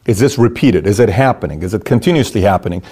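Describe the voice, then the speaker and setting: A middle-aged man giving a motivational talk on handling conflict, animated and acting out the voices of people he quotes. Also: lowish voice, quick pace, slightly rough. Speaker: motivational speaker.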